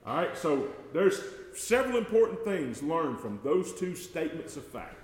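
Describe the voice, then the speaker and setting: A man preaching a sermon, folksy and talking to the congregation as y'all, growing loud and slow whenever he quotes scripture. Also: fairly high pitch, sing-song. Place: church sanctuary. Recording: echoey church hall with long reverb.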